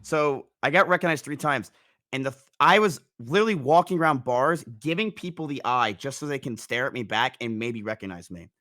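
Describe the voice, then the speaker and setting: A young man in casual chat, telling a long story in a rambling, animated way. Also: medium pitch, a little fast. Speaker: guest storyteller.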